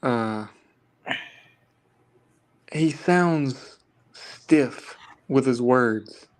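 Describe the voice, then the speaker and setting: A man's voice: medium pitch, drawn-out words. A man co-hosting a casual movie chat, mostly giving short agreeing replies.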